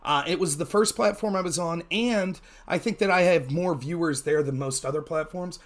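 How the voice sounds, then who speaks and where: A man speaking as a guest political commentator in a casual interview, animated, with sharp upward jumps in pitch when he greets people. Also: normal speed.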